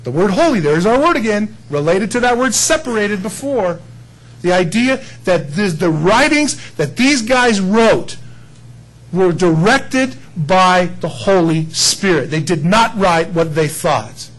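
Animated husky preacher. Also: male voice, high-pitched, measured pace, low-quality recording. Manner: folksy, animated, rising to emphatic peaks. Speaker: pastor. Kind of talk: sermon.

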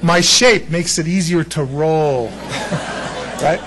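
A middle-aged American man preaching a sermon, telling personal stories in an animated way and often laughing. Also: on the high side, slow pace, background noise. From United States. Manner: animated storytelling, laughs often, shifts between loud and hushed. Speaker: pastor.

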